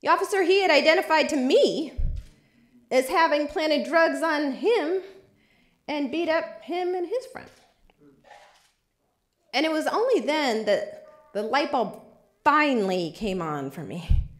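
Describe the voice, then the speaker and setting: A woman's voice: high voice, expressive, measured pace, long pauses, roomy sound. A woman lawyer giving a lecture, telling a vivid personal story. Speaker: civil rights lawyer. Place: lecture hall.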